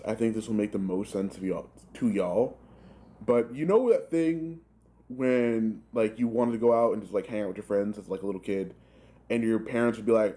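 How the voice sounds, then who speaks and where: A young man in his twenties telling a rambling, profane work story in a casual, animated way, full of filler words. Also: medium pitch. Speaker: gaming channel host telling a story.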